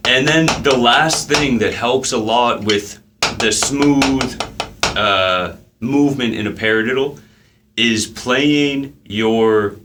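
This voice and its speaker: A man gives a casual drum lesson and counts the beats aloud between his explanations. His voice sits at an average pitch. Steady noise from the practice room runs behind him. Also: slow pace. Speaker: drum teacher. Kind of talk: relaxed instructional talk.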